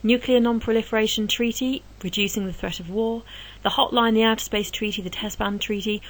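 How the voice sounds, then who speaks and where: A woman history teacher giving an exam revision lesson, explaining answers step by step in a brisk, encouraging way. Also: fairly high pitch, steady tone, noisy background.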